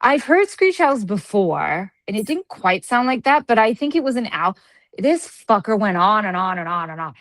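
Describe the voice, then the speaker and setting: A woman co-hosting a podcast in casual chat, telling stories with lively energy and plenty of swearing. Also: medium pitch, moderate pace, dry recording. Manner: animated storyteller, swears freely. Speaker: podcast co-host.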